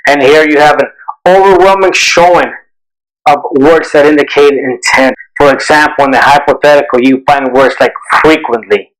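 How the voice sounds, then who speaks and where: A man's voice: a little high, a bit bright, low-quality recording. A man reviewing a law exam question as a tutor, explaining step by step and answering his own questions. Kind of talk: recorded exam review lesson.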